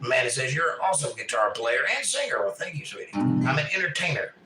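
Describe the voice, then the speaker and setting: A man's voice: mid-range voice, big pitch swings, fast talker. A man hosting a home live stream, singing and chatting with viewers in a casual, self-deprecating way. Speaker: live stream host and musician. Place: a house. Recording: roomy echo with loud guitar. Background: loud acoustic guitar.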